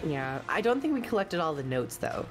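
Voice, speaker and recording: A woman's voice: low-pitched, very animated, a little fast. A Californian woman chatting casually over a game, playful and teasing, with casual slang. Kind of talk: casual gaming chat.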